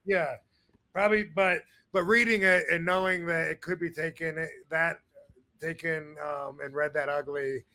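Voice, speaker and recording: A man's voice: on the high side, fairly even intonation, measured pace, pushed and bright. A man hosting a podcast in casual chat, rambling with many fillers and restarts. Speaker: podcast host.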